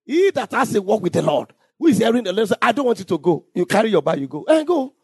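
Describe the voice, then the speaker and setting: A man preaching a sermon as pastor, reading scripture aloud and at times shouting or singing out phrases. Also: sits high, big pitch swings, fast, vocal fry, breathy edge, no echo.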